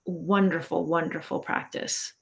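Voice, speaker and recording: A woman's voice: lowish voice, steady tone, unhurried, creaky. A woman guest on a podcast interview, speaking in an earnest, encouraging coaching tone. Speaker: guest, author and intuitive coach. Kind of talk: casual conversational interview.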